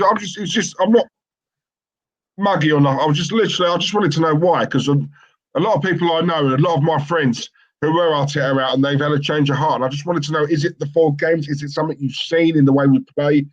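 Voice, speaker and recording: A man's voice: fairly high pitch, muffled recording. A man co-hosting a live football stream, chatting casually and joking with viewers, laughing often. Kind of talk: casual banter and viewer chat.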